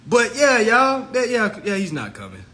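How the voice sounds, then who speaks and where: Hosting his own consumer advice channel, a man tells his viewers a story in a loose, excitable rant, swinging between shouting and muttering and laughing often. His voice is very high-pitched and his pace is normal.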